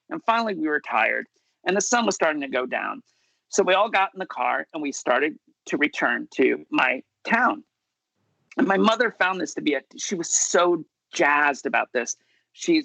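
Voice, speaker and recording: A man's voice: fairly high pitch, fairly bright tone, no echo, poor audio. A man telling a funny childhood story at an online story slam, chatty and self-amused, over a video call. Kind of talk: personal story told at a virtual story slam.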